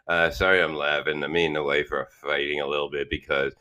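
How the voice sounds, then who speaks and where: A man's voice: extremely low pitch, level tone, fairly quick, pushed and bright, a little hiss or hum. A man hosting a live podcast, rambling through crude, profane banter with lots of restarts. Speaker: podcast host. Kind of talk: casual live podcast chat.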